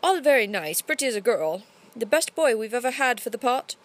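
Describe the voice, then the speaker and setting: A woman's voice: a little high, fairly quick. A woman reading a story aloud, voicing a gloomy, solemn theatre manager with a put-on English accent. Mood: mournful. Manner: solemn, rising to excited pleas. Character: theatre manager, older man, gloomy and fervent.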